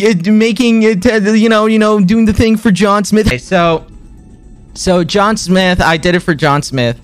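An excitable man in his twenties casually talks to his stream viewers while retelling a story, repeating himself and swinging his pitch up and down.

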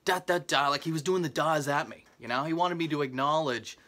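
Young male comic, rambling vlog storyteller; high-ish bright voice, loose and chatty. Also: brisk. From Canada. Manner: rambling, with many asides and fillers; jumps into exaggerated high disbelief. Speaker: comedian. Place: parents' basement.

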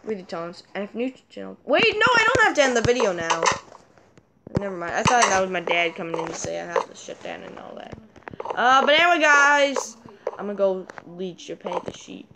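A woman hosting a casual let's-play, rambling and excitable, chatting to the animals and repeating her sign-off. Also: mid-range voice. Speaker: gaming channel host. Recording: audible clicking noise behind voice.

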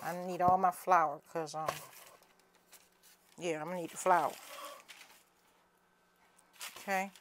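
A woman's voice: fairly low pitch, fairly even intonation, takes it slowly, pauses often, slight background noise. Folksy Southern woman teaching home cooking. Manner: folksy, chatty, calls viewers honey and cousins. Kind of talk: casual cooking demonstration.

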